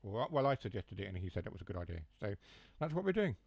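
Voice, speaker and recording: Low-voiced Nottinghamshire man chatting. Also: very animated, quick pace, gravelly, darkish tone, slightly rough, no room sound. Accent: Huthwaite, Nottinghamshire. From Mansfield area, England. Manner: rambling, joking asides, drops H's and T's. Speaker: train sim streamer. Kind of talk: casual chat while gaming.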